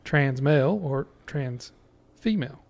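A man's voice: medium pitch, expressive, a little slow, gravelly. A man, co-hosting a casual podcast, blunt and swearing freely with frequent laughs. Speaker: podcast co-host. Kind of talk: casual chat.

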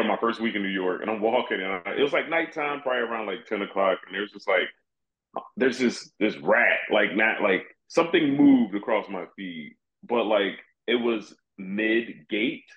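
A man who is a guest comedian, telling animated, profane stories in casual chat. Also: on the low side, moderate pace. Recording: roomy, dull-sounding audio.

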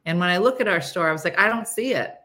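A woman's voice: lowish voice, lively intonation, fast, pushed and bright. A woman hosting a casual morning live stream, chatty and rambling, laughing often and reading viewer comments aloud.

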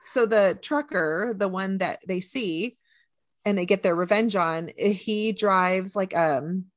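A woman's voice: mid-range voice, slow pace, no echo. Chatty woman in a dry room. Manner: animated, acts out quotes from the film. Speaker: podcast co-host. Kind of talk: casual chat.

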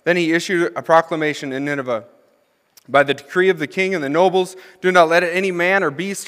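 A young man gives a sermon as associate minister, moving between scripture reading and chatty, humorous asides to the congregation. His voice sits somewhat high for a man. It rings out with a long reverb, as from a church sanctuary. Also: a bit bright. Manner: conversational, asks the congregation questions; reads scripture then comments with humor.

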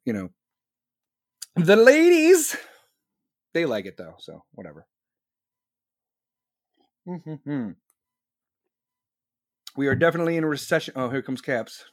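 A man's voice: medium pitch, no room sound, clean studio sound. Rambling, profane man. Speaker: livestream host. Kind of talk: casual livestream chat.

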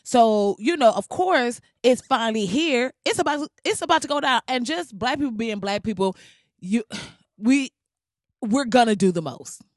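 A podcast host telling stories in casual, comedic chat, animated and full of slang and swearing, laughing often. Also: mid-range voice, moderate pace, no echo, studio quality. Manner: animated, slangy, profane storytelling with frequent laughs.

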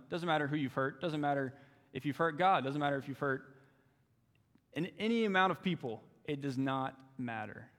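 A man's voice: medium pitch, in a large hall. A young man giving a sermon as a youth intern, earnest and fond of repeating phrases for emphasis. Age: young adult. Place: church sanctuary.

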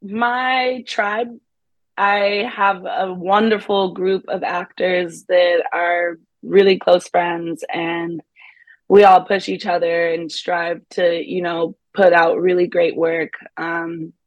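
A woman's voice: fairly low pitch, level tone, slow, dry recording. Upbeat young woman actress, dry sound. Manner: upbeat, laughs often, many fillers like "like". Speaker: guest actress. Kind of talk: casual interview chat.

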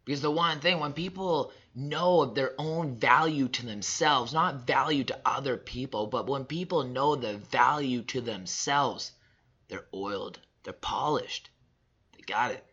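A man in his thirties delivering a personal motivational monologue, emphatic and repetitive, swinging between loud and soft. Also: medium pitch, unhurried, husky, highs cut off. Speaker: father sharing reflections.

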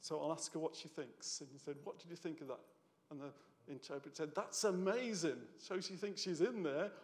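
Gravelly preacher in a reverberant hall. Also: male voice, on the high side, a little fast. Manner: conversational, tag questions, gets emotional. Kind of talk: sermon. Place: church hall.

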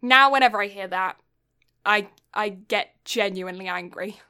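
A woman's voice: medium pitch, moderate pace, bright, forceful tone, clean tone. A young woman from Britain telling a long story in casual chat, rambling with lots of fillers and getting exasperated.

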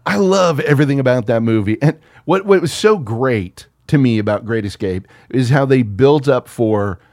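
An American man talks films in a loose, profane, animated way. His voice sits at an ordinary pitch. The recording is dry and close. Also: moderate pace, no room sound. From United States. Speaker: podcast co-host. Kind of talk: casual film discussion.

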